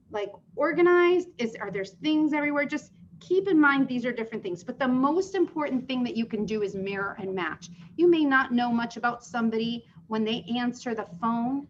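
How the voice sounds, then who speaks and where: A woman's voice: a little high, a little hiss or hum. A woman running a live sales training session, explaining with questions put to the group. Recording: dull lo-fi sound.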